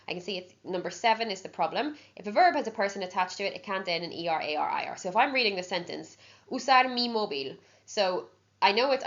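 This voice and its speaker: A woman's voice: medium pitch, a bit bright. A woman teaching an exam-prep language lesson, explaining patiently step by step and checking in with frequent "okay"s. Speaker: Spanish teacher. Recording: dull lo-fi sound.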